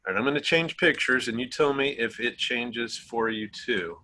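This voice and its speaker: A man hosting a casual virtual travel presentation over a video call, friendly and relaxed with easy laughs. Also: mid-range voice, normal speed, slight background noise, poor audio. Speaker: travel agency host.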